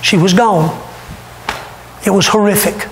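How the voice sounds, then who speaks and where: A pastor preaching a sermon, retelling a story dramatically and with emotion. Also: male voice, high-pitched, steady tone, measured pace, fairly bright tone, reverberant, slight background noise, low-quality recording. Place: church sanctuary.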